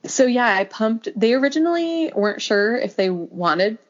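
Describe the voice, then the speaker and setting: Lively young woman telling a story. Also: normal speed. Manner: animated, acts out quoted lines with pitch jumps, laughs often. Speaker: podcast guest telling a birth story. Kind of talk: casual conversational storytelling. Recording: dull lo-fi audio.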